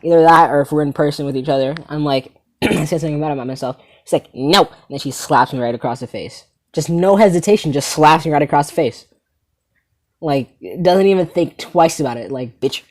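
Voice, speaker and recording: A teenage comedy host tells a story in a casual, rambling way, sometimes getting sidetracked. The delivery is animated and loose, with casual swearing. The voice sits at an average pitch. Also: a little fast.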